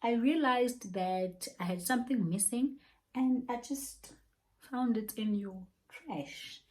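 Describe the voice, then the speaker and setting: Young woman, South African accent, casual storytime, animated, laughing, slangy. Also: on the high side, slow, rough recording. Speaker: YouTuber.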